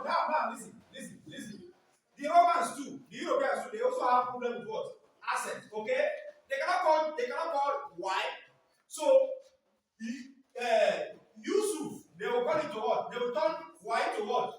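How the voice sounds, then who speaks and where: A man's voice: very high-pitched, animated, normal speed, fairly bright tone, a little hiss or hum. A man teaching a class, prompting pupils to finish his sentences in a call-and-response lecture. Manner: repeatedly prompts the class to fill in words. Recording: echoey classroom from far off.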